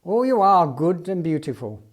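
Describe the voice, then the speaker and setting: A man voicing an excitable male circus elephant keeper who gushes in broken English. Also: sits high, moderate pace. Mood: excited. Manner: eager, gushing, broken English.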